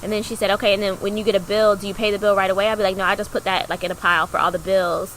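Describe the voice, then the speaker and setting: Animated, bright-voiced young woman storyteller. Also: racing, slight background noise, poor audio. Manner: animated, acts out quoted dialogue with big pitch jumps; chatty, heavy use of "like" fillers. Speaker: podcast co-host. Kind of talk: casual personal storytelling.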